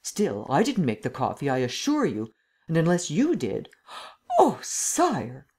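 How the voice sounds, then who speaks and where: A woman's voice: sits low, wildly swooping pitch, unhurried, background noise, heavily acted. A woman voicing a stout, defensive count in an audiobook. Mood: flustered. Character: stout, flustered male count, loyal servant.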